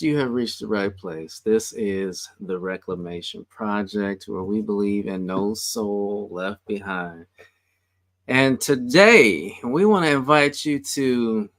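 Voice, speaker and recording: A man's voice: fairly low pitch, dry recording. A man hosting an online faith talk show, upbeat and conversational with casual fillers, talking over a video call. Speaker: host.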